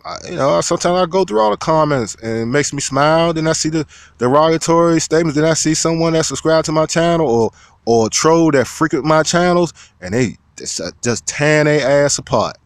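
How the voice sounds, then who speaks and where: A man talking straight to his viewers as a video commentator, loud, profane and preachy. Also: on the high side, animated, fairly quick, clean tone, dry recording. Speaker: YouTube commentator. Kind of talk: casual vlog rant.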